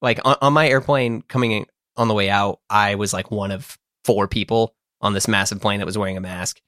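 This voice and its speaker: A man's voice: on the low side, steady tone, fairly quick, fairly bright tone, no room sound, clean studio sound. Rambling self-mocking man. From United States. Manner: rambling, self-deprecating, full of fillers and restarts. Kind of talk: casual storytelling.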